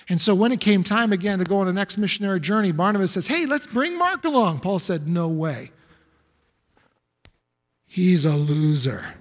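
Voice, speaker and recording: A male pastor preaching a sermon in an emphatic, repetitive way, full of rhetorical questions. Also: high voice. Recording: echoey hall with long reverb.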